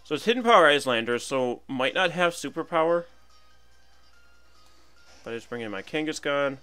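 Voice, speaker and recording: Bright-voiced man commentating a game. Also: a little high, expressive, moderate pace, clear, resonant tone, faint music behind. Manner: chatty, thinks aloud, playful asides. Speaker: gaming commentator.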